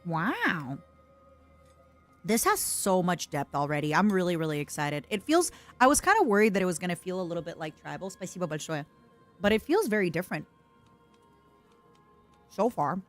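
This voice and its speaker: A young woman streams a strategy game, chatting casually and reading its text aloud while she eats, sometimes with her mouth full. Her voice is on the low side at a moderate pace with frequent pauses, and soft music plays underneath her lively, playful asides.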